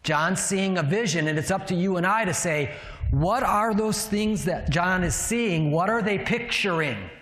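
A man with a somewhat high voice preaches and teaches, chatty and quick to quiz his listeners with rhetorical questions. His voice rings through a large room, and a long reverb trails after each phrase. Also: sing-song, a bit bright. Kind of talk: sermon teaching. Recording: echoey hall with long reverb.

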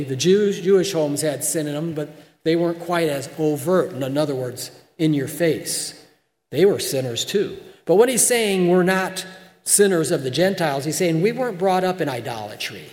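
A male pastor delivers a sermon in a high voice, working through the text with emphatic, explanatory points. He keeps checking in with the congregation as he goes. His voice rings with the long reverb of a church hall. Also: a little mellow. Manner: explanatory, emphatic, frequent "okay?" check-ins.

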